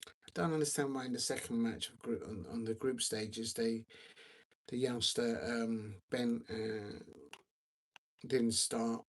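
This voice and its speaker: A husky-voiced man hosts a football live stream, sounding tired. He talks in a loose, rambling way, full of ums and restarts, and reads viewer comments aloud between his match opinions. His pitch sits at an ordinary middle height. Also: fairly even intonation, a little slow. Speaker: livestream football watch-along host. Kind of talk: casual live-stream chat.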